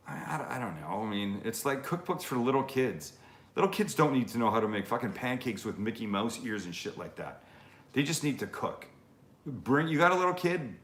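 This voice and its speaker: A cooking host chats loosely through a live Q&A, answering viewers in a rambling, offhand way with casual swearing. His voice sits at an ordinary male pitch. The sound carries the echo of his roomy home kitchen. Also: fairly bright tone. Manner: rambling, casual, swears freely, many fillers.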